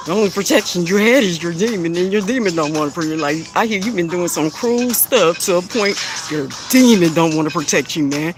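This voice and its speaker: This live stream host gives spiritual readings in a high-pitched voice, speaking fairly fast with few pauses while music plays underneath. Addressing commenters casually, he mocks them bluntly, laughs a lot, and keeps saying the same things again.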